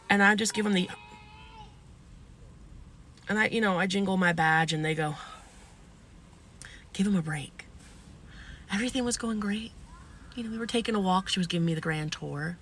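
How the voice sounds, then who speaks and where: A woman telling a funny story in an animated, crude, playful way. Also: medium pitch, a little hiss or hum. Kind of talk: casual comedic storytelling.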